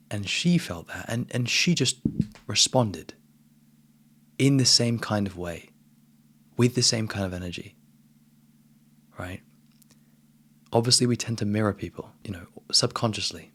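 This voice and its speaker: A man giving a casual spiritual monologue as a coach, relaxed and emphatic, often calling the listener "man". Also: on the low side.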